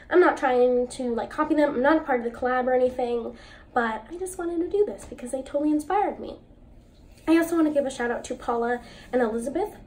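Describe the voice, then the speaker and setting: A young woman chatting casually as a beauty vlogger, enthusiastic and full of "like" fillers, recorded at home. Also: high voice. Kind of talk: casual chat while swatching makeup.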